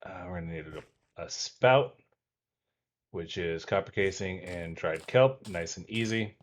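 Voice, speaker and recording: The host, a man with a low-pitched voice, plays a video game in a casual let's-play, going a little slowly. He's relaxed and narrates each step aloud, talking himself through what he's doing.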